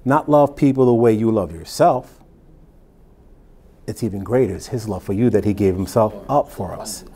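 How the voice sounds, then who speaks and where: A man with a fairly low voice and a dark, mellow tone teaches from scripture as a pastor. He reads verses at a deliberate pace and breaks off into easy, conversational explanations. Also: breathy edge. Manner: reads scripture slowly, then explains in plain, conversational asides. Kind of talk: Bible teaching sermon.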